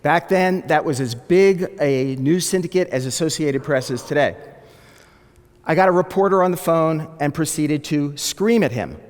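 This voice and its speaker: A man telling a personal story to an audience, acting out the people he quotes in lively voices. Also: fairly high pitch, normal speed. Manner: animated, acts out the people he quotes. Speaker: speaker telling his life story. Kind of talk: storytelling talk. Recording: long hall reverb.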